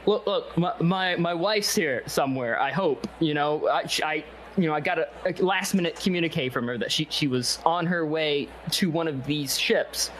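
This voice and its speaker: A man's voice: a little high, normal speed, few pauses, fairly bright tone, a little hiss or hum, lightly acted. A man voicing a worried husband searching a crowded ship for his wife, stammering. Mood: flustered. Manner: flustered, stammering.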